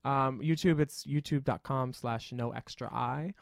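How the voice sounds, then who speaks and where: A man's voice: mid-range voice, measured pace, creaky, dry recording, studio quality. A man guesting on a podcast, chatting casually with a campy, witty, sassy delivery. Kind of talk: casual chat.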